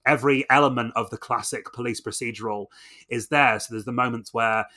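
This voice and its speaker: A man's voice: medium pitch, steady tone, brisk, sharp tone. A man co-hosting a film podcast, talking with enthusiasm in a loose, rambling way full of fillers. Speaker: podcast co-host. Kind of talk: casual film review chat.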